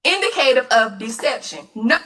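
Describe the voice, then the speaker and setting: Woman, high-pitched, repetitive emphasis, direct-to-camera vlog, roomy echo, set back from mic. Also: lively intonation, normal speed, a bit bright. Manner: emphatic, repeats phrases for effect. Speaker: vlogger. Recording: echoey room, distant mic.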